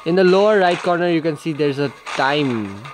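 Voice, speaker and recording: A man's voice: fairly high pitch, expressive, normal speed, slight background noise. A young man giving casual, profane gameplay commentary and talking to the characters on screen. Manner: swears a lot, talks to the game characters. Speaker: gaming channel host.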